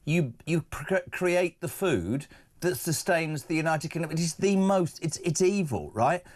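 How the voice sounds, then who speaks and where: A man's voice: fairly high pitch, lively intonation, measured pace. A British man hosting a breakfast talk show in a studio, impassioned and emphatic in his opinions. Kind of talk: opinionated talk radio presenting. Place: broadcast studio.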